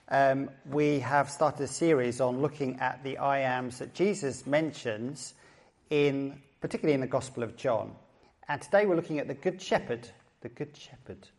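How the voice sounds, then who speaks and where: Chatty Essex pastor preaching a sermon. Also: male voice, mid-range voice. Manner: chatty, joking, repeats phrases. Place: church service.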